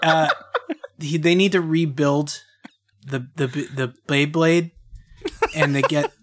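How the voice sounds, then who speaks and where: A man's voice: on the high side, steady tone, slow pace, background noise. A man co-hosting a cartoon recap podcast, talking casually with many fillers and laughs. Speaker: podcast co-host. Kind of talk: casual chat.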